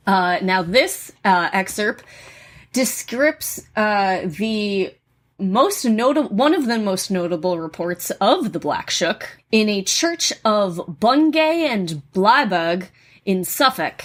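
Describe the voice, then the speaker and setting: A woman from New England co-hosting a podcast, telling spooky folklore in a relaxed, casual way with plenty of ums and uhs. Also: mid-range voice, slow, over music. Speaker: podcast co-host. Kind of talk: casual chat, storytelling folklore.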